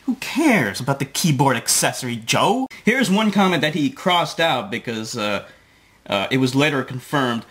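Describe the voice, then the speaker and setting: A man's voice: medium pitch, big pitch swings, moderate pace, a bit bright. A man ranting sarcastically as a video blogger, swearing often and mocking what he reads. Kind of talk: profane ranting commentary.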